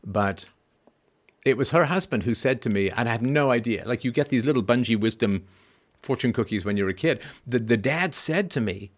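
A man's voice: medium pitch, lively intonation, moderate pace. A middle-aged man hosting a show, talking through ideas in a discursive, emphatic monologue and checking in with frequent tag questions. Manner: discursive, emphatic, constant "right?" tags. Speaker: podcast host. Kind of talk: philosophical monologue.

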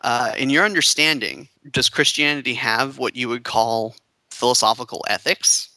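A man's voice: medium pitch, moderate pace, pushed and bright, no room sound, poor audio. A man calling in to a talk show, speaking hesitantly with stumbling restarts. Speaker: caller. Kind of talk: casual call-in conversation.

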